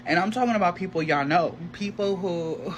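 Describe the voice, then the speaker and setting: A man telling a gossipy storytime in a casual, animated way, acting out the voices of the people in it. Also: sits high, moderate pace. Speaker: storyteller in a social media clip. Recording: noisy background.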